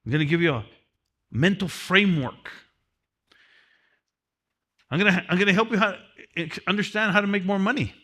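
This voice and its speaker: Man, motivational class teacher, high voice, bright, drills phrases again and again. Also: normal speed, pauses often. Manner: repetitive, emphatic, drills key phrases; speaks from personal experience of prison. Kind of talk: motivational seminar lecture.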